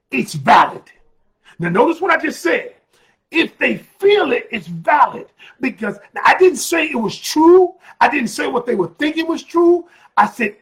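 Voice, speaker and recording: High-voiced emphatic male coach. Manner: emphatic, repeats phrases, bursts into shouting. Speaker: relationship coach. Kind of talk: motivational talk to camera.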